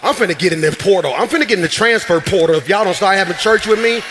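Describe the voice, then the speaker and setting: A man preaching a sermon as pastor in a church, shouting and swinging into sing-song runs. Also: high voice, quick pace, noisy background. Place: church sanctuary.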